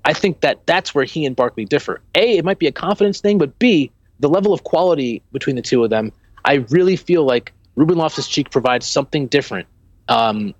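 A man co-hosting a casual football podcast, talking in an animated, rambling way with many restarts. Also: a little high, fairly quick, dry recording, lo-fi sound. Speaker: podcast co-host.

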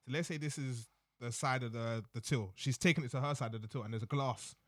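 A young man telling a story in casual chat, lively and slangy, often tagging lines with "innit". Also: mid-range voice, fast talker, dry recording, studio quality. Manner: animated, slangy, repeats "innit" and "you know what I mean".

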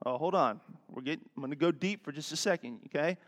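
High-voiced pastor in a reverberant church. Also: male voice, fast. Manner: folksy, chatty, audience asides. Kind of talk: sermon with jokes. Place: church sanctuary.

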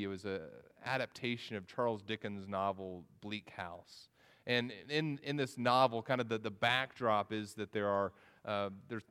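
A man's voice: mid-range voice, a bit bright, clear, resonant tone. A man preaching a sermon as pastor, earnest, often repeating words and restarting, his voice rising when he pleads. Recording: long reverb of a hall.

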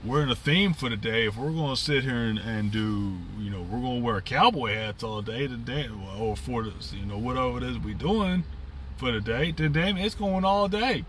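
Middle-aged male podcast host, rambling and upbeat, bright tone, off-mic. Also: mid-range voice, normal speed, recorded from a distance, a little hiss or hum. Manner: rambling, upbeat, with frequent fillers and restarts. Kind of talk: casual reflective monologue.

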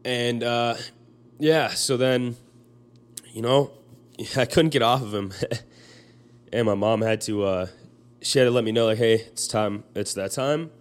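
A young man telling a personal story in a halting way, full of fillers and restarts, choked up as he speaks. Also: medium pitch, fairly even intonation.

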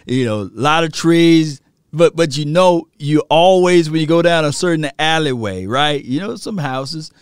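Man, sports stream host, excitable slangy storyteller, smooth clear voice, dry close sound. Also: a little high, moderate pace, no room sound. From rural area. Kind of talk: animated sports talk.

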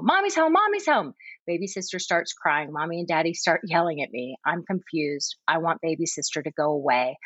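A woman reading aloud as a confused, jealous three-year-old older sibling, in a plain, gentle storytelling voice. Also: low voice, slightly rough, no echo, dull audio.

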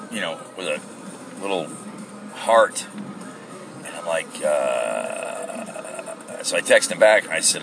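A man's voice: low-pitched, animated, a little slow, creaky, pauses often, music in the background, poor audio. A middle-aged man hosting a casual solo podcast from his car, telling a rambling story and acting out the people in it with mock voices. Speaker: podcast host. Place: in a car, at a gas station.

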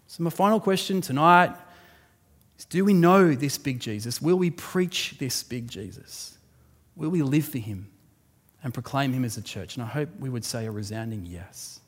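Earnest pastor preaching in a reverberant hall. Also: male voice, medium pitch, expressive, normal speed. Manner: earnest, conversational preaching with fillers and restarts. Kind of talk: sermon and closing prayer. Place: church hall.

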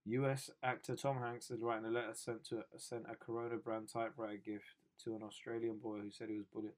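A man's voice: lowish voice, level tone, fast. Young guy ranting jokey about the news, lots of slang and sarcasm. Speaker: host. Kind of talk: comedic news commentary.

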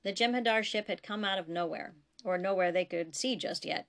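A woman reads her own science fiction story aloud in a steady, unhurried voice. Her tone sits at a middle pitch with a noticeable gravelly, creaky grain. It is plain audiobook narration.

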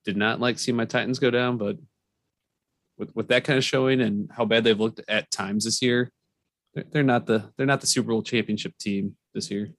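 A man's voice: lowish voice, fairly even intonation, normal speed, no room sound. Blunt male sports co-host. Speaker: podcast co-host. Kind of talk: casual sports chat.

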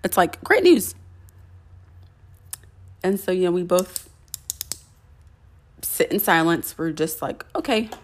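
A woman's voice: fairly low pitch, big pitch swings, slow pace, pauses often, a little hiss or hum. A young woman hosting a podcast, telling a personal story in a chatty way with many fillers and restarts. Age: young adult. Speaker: podcast host.

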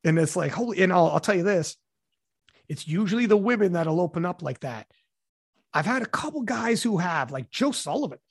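A man's voice: sits high, animated, brisk, husky, dry recording, clean studio sound. A man hosting a podcast, talking in a rambling, casual way with lots of restarts, fillers and swearing. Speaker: podcast host.

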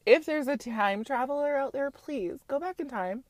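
A woman's voice: high voice, moderate pace, no room sound. Frank, chatty woman host with a dry close sound. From Utah. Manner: chatty and frank, full of fillers and swearing. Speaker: podcast host recapping a reality show. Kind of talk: casual chat.

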